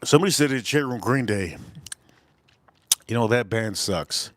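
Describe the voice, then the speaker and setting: A man from Miami chats loosely on a live food stream, joking crudely and talking around mouthfuls. His voice sits at an ordinary middle pitch. The sound is dry and close, with no room echo. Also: expressive, moderate pace. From Miami, Florida. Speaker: livestream food reviewer. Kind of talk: casual live-stream chat while eating.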